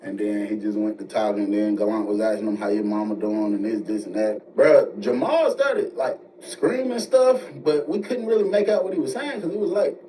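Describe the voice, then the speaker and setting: A man telling a jailhouse-style story in casual, animated slang. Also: medium pitch. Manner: animated, slangy, fast asides. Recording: distant mic with faint noise.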